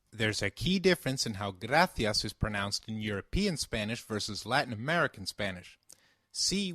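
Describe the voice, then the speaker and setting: A man's voice: mid-range voice, a bit bright, dry recording, clean studio sound. A man giving a scripted language lesson, patiently saying phrases and asking the listener to repeat them. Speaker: language teacher.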